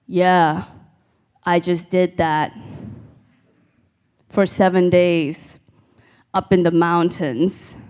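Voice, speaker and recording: A woman performing a stand-up comedy set on a live stage, telling deadpan stories and talking to the crowd. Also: on the low side. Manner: deadpan storytelling with crowd asides.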